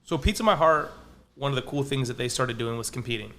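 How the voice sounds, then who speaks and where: A man's voice: mid-range voice, lively intonation, fast, fairly bright tone, slight background noise. A man who owns a pizza restaurant, talking casually as a podcast guest in a rambling way, full of restarts and fillers. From Palo Alto, California. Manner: rambling, frequent likes and restarts.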